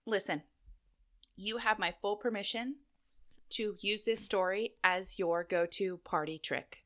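A woman's voice: medium pitch, unhurried, a bit bright. A woman co-hosting a podcast, chatting casually, giggling and joking, and reading out a list. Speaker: podcast co-host.

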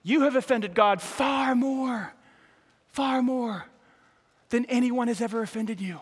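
A man preaching a sermon as a pastor, animated, acting out the voices of the people he quotes. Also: very high-pitched, takes it slowly, breathy edge. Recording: long hall reverb.

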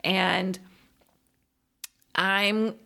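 A woman co-hosting a podcast, chatting casually about a movie, animated and laughing often. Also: mid-range voice, extremely slow, gravelly. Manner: animated, laughs often, drops into quoted voices. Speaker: podcast co-host. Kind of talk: casual chat reviewing a movie.

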